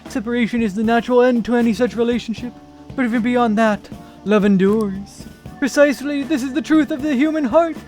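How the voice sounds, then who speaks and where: A man's voice: very high-pitched, a little fast, a little mellow, faint music behind. A man reading a pompous, grandiose young male artist aloud on stream, with theatrical, flowery speech.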